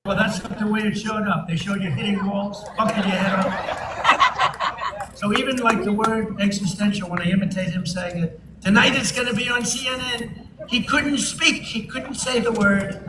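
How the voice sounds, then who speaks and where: A man's voice: sits high, normal speed. Boastful man rambling through an echoey speech. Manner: boastful, digressive, mocking asides. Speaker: political speaker addressing an audience. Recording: distant, echoey live feed with noise.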